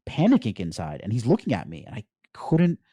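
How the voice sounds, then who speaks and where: A middle-aged man from the United States, a podcast guest recounting his story in an animated way and often saying "like". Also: on the low side, brisk, breathy edge, no echo. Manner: animated storyteller, peppers speech with "like". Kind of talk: storytelling interview.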